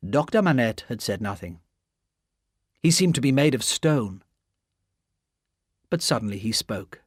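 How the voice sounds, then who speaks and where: A male audiobook narrator reads a classic novel slowly and expressively. His pitch rises and falls a lot, and the sound is close and dry with no room echo. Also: animated, breathy edge. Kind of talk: scripted narration.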